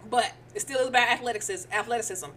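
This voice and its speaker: A woman's voice: a little high, rapid-fire, a bit bright, slight background noise. A woman co-hosting a podcast, talking emphatically and opinionated, often checking if she's understood. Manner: emphatic and opinionated, keeps asking "you know what I'm saying". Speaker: podcast co-host. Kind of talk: casual podcast chat.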